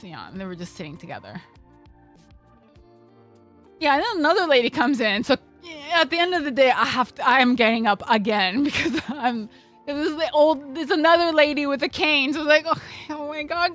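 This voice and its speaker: A woman's voice: a little high, fairly bright tone. A young woman streamer telling a casual story, rambling with lots of fillers and swearing freely.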